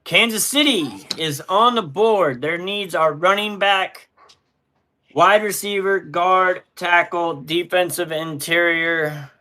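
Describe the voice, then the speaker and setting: Man, live-stream host, casual and laid-back, bossy with kids, bright tone. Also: high voice, slow pace. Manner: easygoing, talks through picks while bossing the kids around. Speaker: live-stream host running a mock draft.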